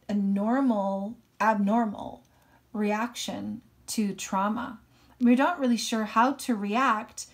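A woman teacher reading a novel aloud expressively and stopping to explain passages to her class. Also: mid-range voice. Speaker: English teacher.

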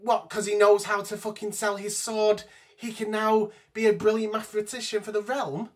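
A man's voice: high-pitched, little pitch movement, moderate pace. Exasperated man ranting. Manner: exasperated, profane, ranting from notes. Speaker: vlogger. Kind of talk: ranting TV review.

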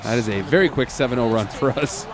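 A man's voice: mid-range voice, quick pace. A man co-hosting a basketball video game session, teasing playfully and joking along. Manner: playful teasing, mock British exclamations. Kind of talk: casual let's-play chat. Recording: game crowd audio underneath. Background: video game arena crowd.

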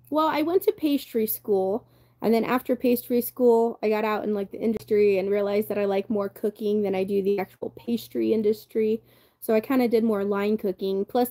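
Mellow-voiced woman chatting on a livestream. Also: medium pitch. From Southern United States. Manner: chatty, rambling, laughs often, reads comments aloud. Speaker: livestream host. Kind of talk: casual live-stream chat reading viewer comments.

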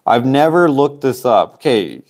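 A man's voice: mid-range voice, very animated, unhurried, a little mellow. A man in his late twenties, hosting a livestream and telling a rambling story with a microphone on, often breaking off on tangents. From Canada. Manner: chatty, wanders off on tangents, self-interrupting. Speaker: livestream auction host. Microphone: wearing a microphone.

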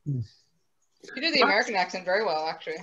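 A woman on a podcast panel, bantering in a quick, teasing manner. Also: fairly low pitch, expressive, crowd noise. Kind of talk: casual chat. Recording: dull lo-fi audio.

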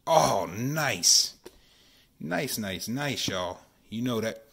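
A man, chatting excitedly while opening sports card packs at home and keeping his voice down. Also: mid-range voice, extremely slow, vocal fry, breathy edge. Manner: excited, chatty, says y'all often; keeping voice down while kid sleeps. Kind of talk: casual card-opening vlog. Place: home, at night.

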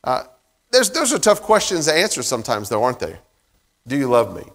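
A man's voice: medium pitch, wildly swooping pitch, fairly quick, a bit bright. A man preaching a sermon in a casual, conversational way, with many fillers and restarts. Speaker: pastor. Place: church sanctuary. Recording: long reverb of a church hall.

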